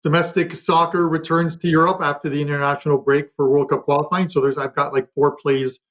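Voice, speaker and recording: A man on a betting panel, chatting quickly about his picks with lots of fillers and restarts. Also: fairly high pitch, flat delivery, a bit bright, highs cut off. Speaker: sports betting handicapper. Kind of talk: casual panel talk.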